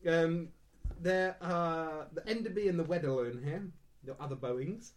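A man narrating a tabletop game as game master, relaxed, with frequent ums and laughs. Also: fairly high pitch, measured pace.

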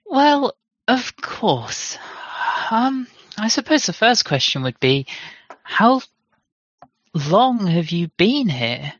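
Player, bright tense voice, chatty and playful, dull lo-fi dry recording. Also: medium pitch, big pitch swings, no room sound. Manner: chatty, playful, quick to laugh. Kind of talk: tabletop role-play chat.

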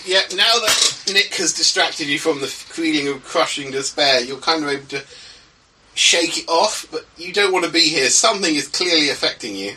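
Game master guy, chatty and casual, bright voice, mic kinda far. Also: on the high side, lively intonation, moderate pace, a little hiss or hum. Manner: casual, lots of "like" and "um". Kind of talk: narrating a tabletop horror game.

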